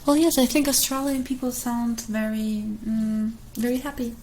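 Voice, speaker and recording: A young woman with a German accent and Russian as her first language, soft and hesitant in a whispered ASMR Q&A. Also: fairly high pitch, steady tone, a little hiss or hum, low-quality recording. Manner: soft, hesitant, many pauses. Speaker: ASMR creator.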